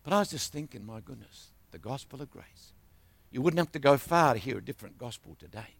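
A man's voice: mid-range voice, expressive, a little fast, gravelly, dry recording. An older man, preaching a sermon as a travelling minister, telling stories and asking the congregation for responses.

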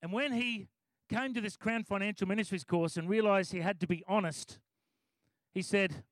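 A man's voice: sits high, moderate pace, pauses often, fairly bright tone, dry recording. A middle-aged Australian man sharing a testimony in a sermon, enthusiastic and conversational. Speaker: preacher giving testimony.

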